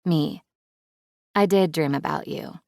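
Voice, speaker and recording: A woman's voice: deep voice, slow pace, vocal fry, a little mellow, no room sound, clean studio sound. A woman narrating a first-person romance audiobook in a wry, playful, intimate way.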